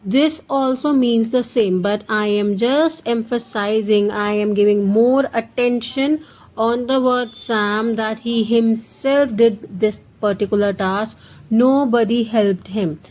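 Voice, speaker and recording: A young Indian woman teaching an English grammar lesson, explaining slowly and repeating the key points, with some Hindi mixed in. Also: on the high side, muffled recording. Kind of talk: classroom lesson.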